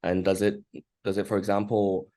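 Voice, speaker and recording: A man, an oncologist, giving a measured talk in his early-morning voice over a video call, pausing often with "uh". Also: on the low side, completely flat delivery, warm tone. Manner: measured, frequent "uh" pauses. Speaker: oncologist presenting research. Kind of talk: conference talk and Q&A.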